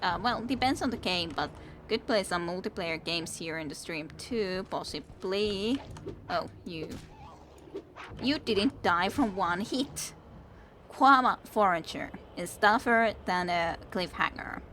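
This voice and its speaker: Slow-talking giggly woman streamer. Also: on the low side, fairly bright tone, a little hiss or hum. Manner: chatty, giggly, talks to the enemies she fights. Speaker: game streamer. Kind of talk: casual let's-play commentary. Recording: game music playing under the voice. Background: video game music.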